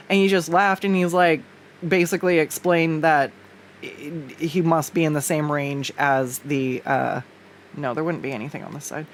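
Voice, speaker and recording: A woman's voice: sits low, moderate pace. Rambling, casual woman streamer at her desk. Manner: rambling, with many fillers, restarts and casual swearing. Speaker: art streamer. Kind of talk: casual chat while drawing on stream. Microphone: desktop USB condenser mic.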